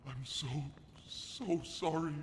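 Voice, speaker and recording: A man voicing a tormented, volatile monstrous male toy creature in a video game, with a gravelly, slow drawl that swings between remorse and rage. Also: fairly high pitch. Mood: grieving. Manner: swings from sobbing apology to screaming rage. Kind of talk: video game character dialogue.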